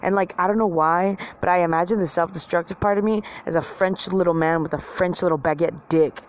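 A vlogger rants casually to her viewers on camera, rambling, swearing often, mocking herself, and using plenty of filler words. She speaks fairly quickly in a lowish voice with a steady tone.

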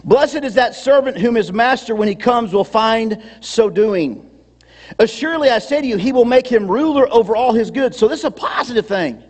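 A male pastor preaching a sermon, calling on his congregation to respond and at times shouting for emphasis. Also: extremely high pitch, expressive, normal speed. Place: church sanctuary. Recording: long hall reverb.

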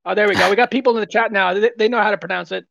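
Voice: mid-range voice, fairly even intonation, rapid-fire, fairly bright tone, dry recording. A team member chatting easily in a casual online Q&A. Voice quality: gravelly. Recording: dull lo-fi call audio.

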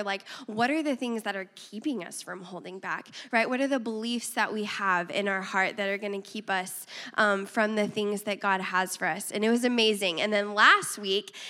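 A woman preaching a sermon to her church, her voice raspy and hoarse from a cold, chatty and enthusiastic as she speaks straight to the congregation. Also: a little high, bright, forceful tone. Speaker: guest preacher, pastor's wife. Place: church sanctuary.

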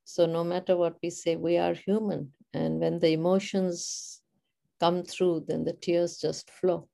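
Woman, podcast host, dark mellow tone, calm conversational questions. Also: lowish voice, unhurried, creaky. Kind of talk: conversational interview.

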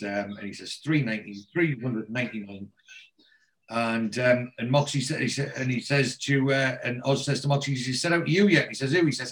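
A man's voice: mid-range voice, fairly bright tone. A man casually recapping a TV episode, quoting the characters' lines with frequent ums and restarts.

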